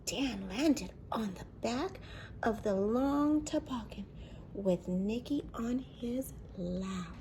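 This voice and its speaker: A woman, a daycare teacher, reading a children's picture book aloud with expressive delivery and soft whispered asides. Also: on the high side, slow pace, slight background noise.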